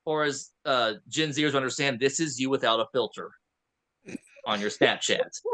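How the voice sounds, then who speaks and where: A man co-hosting a podcast in a studio, retelling a film with lively acted-out lines. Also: medium pitch, normal speed. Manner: animated storytelling, acts out characters' lines. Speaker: podcast co-host. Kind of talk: casual movie recap chat.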